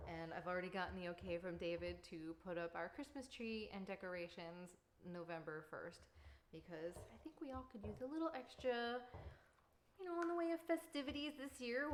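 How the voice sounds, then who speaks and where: A woman's voice: medium pitch, slight background noise. A woman in her thirties chatting casually to camera while baking at home, rambling with lots of fillers. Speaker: vlogger and mother. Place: home kitchen.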